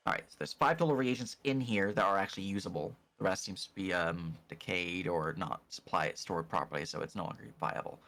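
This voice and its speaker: Low-voiced man narrating as game master. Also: bright, forceful tone. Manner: descriptive, measured scene narration.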